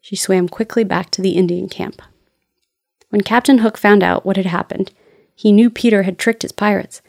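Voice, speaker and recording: A woman narrating a children's storybook in a clear, steady storytelling voice. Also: medium pitch, moderate pace, no room sound.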